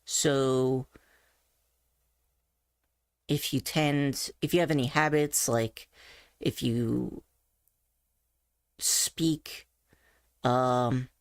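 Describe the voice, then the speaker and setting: A woman teaches voice basics in a low, slow, easygoing way, chatty and given to side remarks and quick self-corrections. Her voice sits close and dry at the mic, with no room around it. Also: fairly even intonation, clear, resonant tone, no room sound. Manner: chatty, thinks aloud with asides and self-corrections. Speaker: voice coach. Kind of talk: casual explanatory teaching. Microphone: desk mic on a face-tracked avatar setup.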